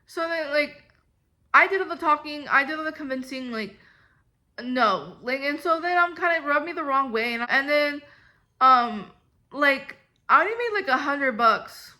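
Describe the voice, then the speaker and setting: Her voice sits high and sounds animated, pushed and bright, moving at a normal speed. She's a young vlogger giving a casual, rambling storytime monologue, exasperated and full of "like"s.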